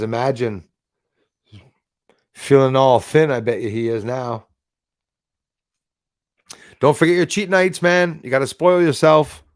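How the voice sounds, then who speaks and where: A man's voice: medium pitch, no room sound, studio quality. A man hosting a casual live stream, chatting with viewers by name and swearing casually. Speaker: livestream host.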